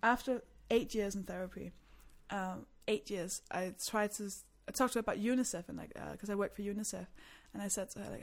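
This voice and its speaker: A woman's voice: medium pitch, fairly even intonation, a little fast, few pauses. A young woman from Denmark talks like a stand-up comedian on a podcast. Her stories are frank and self-mocking, and laughter keeps breaking into her lines. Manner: candid, self-deprecating storyteller who laughs often. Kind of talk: casual podcast chat.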